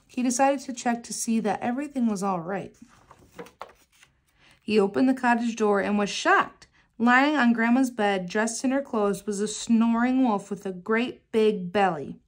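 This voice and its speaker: A woman reading a children's picture book aloud in a gentle, measured storytelling manner. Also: mid-range voice.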